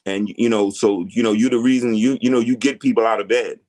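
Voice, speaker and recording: A man's voice: mid-range voice, steady tone, fairly quick, darkish tone. A middle-aged man speaking as a guest in a casual interview, laid-back and frank with slangy talk.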